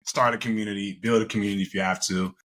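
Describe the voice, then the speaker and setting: A man's voice: lowish voice, fairly even intonation, racing, fairly bright tone, slight background noise. A man appearing as a podcast guest, chatting casually with a laid-back, motivational manner.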